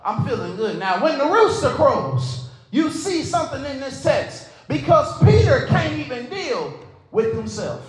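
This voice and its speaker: Pastor, man, very high-pitched, shouts his sermon in rising call-and-response waves; echoey church, music behind. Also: sing-song, measured pace. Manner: shouting, building into whooped preaching. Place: church sanctuary.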